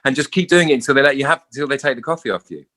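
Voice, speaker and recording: A middle-aged English actor, a guest in a casual interview, telling stories animatedly and acting out quoted voices. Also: male voice, medium pitch, rapid-fire, pushed and bright. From England.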